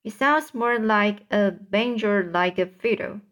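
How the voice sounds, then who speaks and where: A woman's voice: mid-range voice, takes it slowly, a bit bright. A woman reading a storybook aloud and voicing a kindly, proud old male grasshopper who lectures fussily and trips over words. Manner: fussy, lecturing, stumbles on words.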